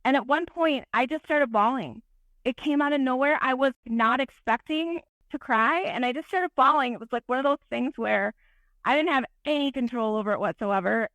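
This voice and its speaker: A woman photographer, a podcast guest, telling an animated, self-deprecating story in casual interview talk. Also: sits high, normal speed, no room sound.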